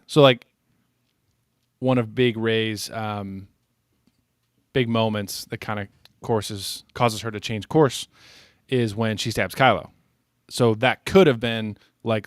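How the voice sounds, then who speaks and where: A man's voice: lowish voice, no echo, studio quality. A man co-hosting a podcast in easygoing casual chat, using a lot of fillers. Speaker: podcast co-host.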